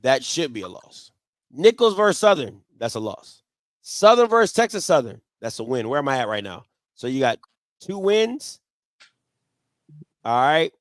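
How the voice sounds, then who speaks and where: A man's voice: mid-range voice, sing-song, moderate pace, pauses often, no echo. A man hosting a sports talk show, debating football in an emphatic style and repeating his points.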